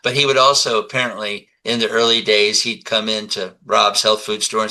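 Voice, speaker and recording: A man in his seventies, a guest in a conversational interview, telling animated stories and acting out the dialogue. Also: fairly low pitch, a little fast, few pauses, low-quality recording. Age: 70s. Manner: animated storyteller who acts out dialogue.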